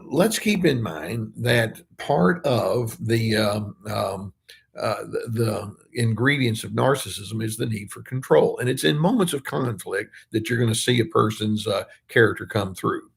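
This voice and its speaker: A man's voice: lowish voice, measured pace, gravelly, husky. An older male therapist talking casually through viewer questions, with frequent fillers and restarts and little acted-out quotes. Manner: relaxed, many fillers and restarts, acts out quoted lines. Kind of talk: casual livestream Q&A talk.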